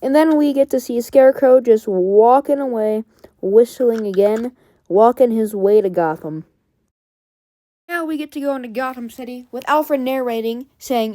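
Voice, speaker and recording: A woman with a fairly high voice, chatting through a comic book story as she retells it scene by scene. Her delivery is casual and animated. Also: moderate pace.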